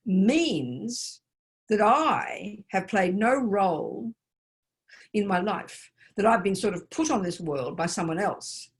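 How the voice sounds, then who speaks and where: A woman's voice: medium pitch, very animated, unhurried. An older woman, a Buddhist nun, giving an emphatic dharma talk full of rhetorical questions. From Australia.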